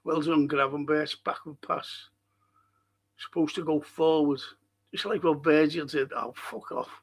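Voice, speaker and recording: An older man with a gravelly, slightly high voice, talking through a live football match. He is blunt and swears freely, shouting players forward between bits of chat. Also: fairly even intonation, unhurried. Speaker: podcast host reacting live to a match.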